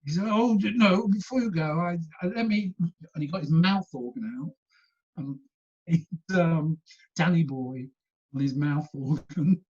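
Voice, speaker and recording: A man with a husky voice telling stories as a guest in an animated, chatty way, laughing often. The recording is dull and lo-fi. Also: a little high. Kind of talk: casual storytelling chat.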